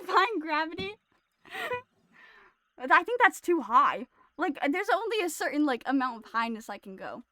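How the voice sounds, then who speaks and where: Giggly, bright-voiced woman streamer. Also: high voice, big pitch swings, normal speed, few pauses, dry recording. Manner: giggly, self-deprecating, rambling. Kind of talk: casual livestream commentary. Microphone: streaming mic.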